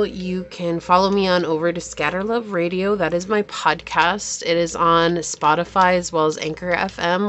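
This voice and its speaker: A woman giving a pick-a-card tarot reading in a gentle, affirming and emotional way. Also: on the low side, slight background noise. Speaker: tarot reader.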